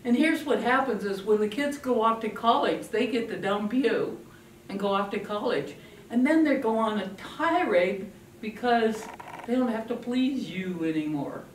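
Woman, parenting workshop, animated, talks to a live audience, echoey room, distant mic. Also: a little high, moderate pace, a little hiss or hum. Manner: animated, acts out scenes with a puppet. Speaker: parenting speaker.

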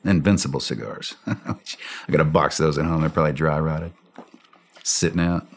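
The voice is a rumbling low at normal speed: a middle-aged ex-special operations soldier, animated and blunt, acting out the dialogue as he tells a war story on a podcast.

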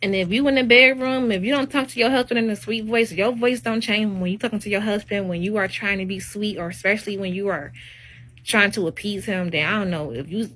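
Bright-voiced opinionated woman live-streaming. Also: mid-range voice, a little fast. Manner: emphatic and preachy, with rising exclamations. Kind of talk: opinionated casual monologue.

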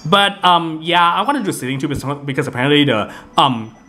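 A man's voice: a little high, animated, fast, pushed and bright. A man giving casual, rambling commentary over gameplay, full of fillers and restarts, with game music behind him. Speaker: gaming video host.

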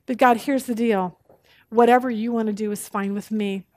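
High-voiced woman teaching Bible study. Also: normal speed, no room sound. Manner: animated, expressive, tells jokes.

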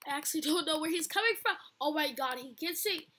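A woman's voice: high-pitched, fast talker, a little hiss or hum. A young woman commenting casually on a video game she is playing, talking to her viewers and screaming a lot as she plays. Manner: screams often, excitable, talks to viewers. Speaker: gaming video host.

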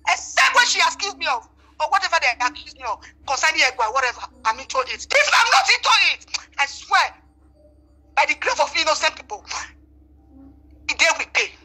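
A woman's voice: high-pitched, sing-song, brisk, sharp tone. A woman with a Nigerian Pidgin English accent, speaking on the phone in an interview, emphatic and repetitive, swearing oaths as she denies something. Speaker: interviewee denying a voice recording.

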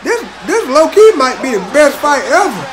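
A man hosting a reaction video, exclaiming and shouting along with a boxing fight in a slangy, casual way. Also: extremely high pitch, normal speed, low-quality recording. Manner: excitable, exclaiming and shouting at the action; slangy, peppers lines with "bro". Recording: arena crowd noise from the played fight behind.

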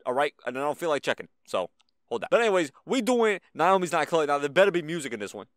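A young man giving casual gameplay commentary as a gaming YouTuber, excitable and slangy, with sudden loud outbursts. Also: on the high side, fast, no room sound, clean studio sound.

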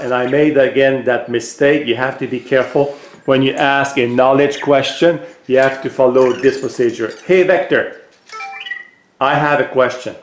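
A man in a casual product demonstration, relaxed and explanatory, pausing on hesitant fillers. His voice sits at an ordinary middle pitch. The sound carries a roomy echo from an indoor room. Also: slight background noise. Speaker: tech vlogger.

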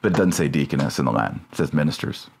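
A man's voice: a bass voice, expressive, racing, creaky, husky. A man hosting a podcast, talking through a subject casually and checking terms as he goes. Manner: thinks aloud, checks terms mid-sentence. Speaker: podcast host. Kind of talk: casual discussion.

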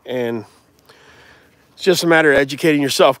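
A dog breeder hosting a casual livestream from his yard, answering viewer comments in a relaxed, chatty way with lots of "man" and "bro.". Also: fairly high pitch, brisk, no echo. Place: outdoors in a yard with dogs.

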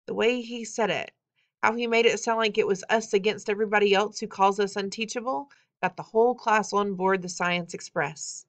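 A woman reading a novel aloud in an expressive, wry first-person storytelling manner. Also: medium pitch, normal speed. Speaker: audiobook reader.

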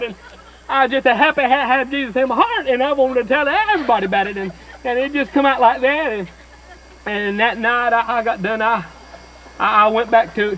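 A man's voice: extremely high pitch, fairly bright tone, slight background noise, rough recording. A man playing a stuttering folksy circuit preacher. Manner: stuttering, folksy storytelling with chuckles. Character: folksy old-time male circuit-riding preacher. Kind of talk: live first-person character sermon. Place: church service before a live audience.

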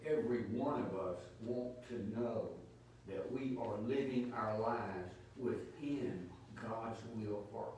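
A low-pitched man gives an emphatic teaching sermon, throwing rhetorical questions at his listeners. He is picked up from a distance, and his voice rings around a very echoey church. Faint noise hums underneath. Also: a little mellow. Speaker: preacher teaching Bible study.

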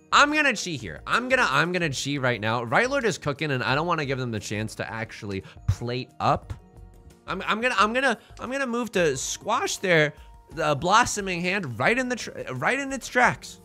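A man's voice: a little high, bright, forceful tone. A male streamer giving casual, joking commentary on his game and reading chat in a playful, self-mocking way.

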